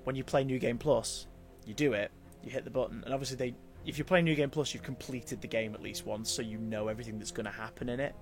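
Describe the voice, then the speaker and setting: A man's voice: mid-range voice, fairly even intonation, quick pace, soft background music. A man streaming a game, chatting casually and telling rambling stories while reading the chat aloud. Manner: chatty storyteller, rambling with restarts, reads out chat.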